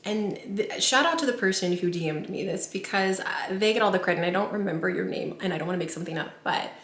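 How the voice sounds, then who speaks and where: A woman's voice: mid-range voice, fast talker, a bit bright, echoey room. A woman vlogger chatting to her viewers in her kitchen, gushing and chatty, full of filler words. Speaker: vlogger, channel host. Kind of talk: casual chat to camera. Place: home kitchen.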